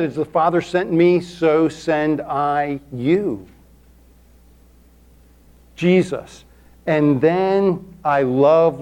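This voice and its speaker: A male pastor with a notably high voice gives a folksy sermon in a church. He leans hard on repetition and emphasis, drawing the congregation in with calls for amens. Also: darkish tone. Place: church sanctuary.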